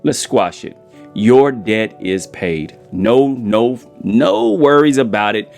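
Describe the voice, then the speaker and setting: A man's voice: lowish voice, lively intonation, slow, vocal fry, a little mellow, faint music behind, heavily acted. A man voicing a merciful king in a spoken parable, talking in an easygoing, upbeat way. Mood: generous. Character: merciful king forgiving a huge debt.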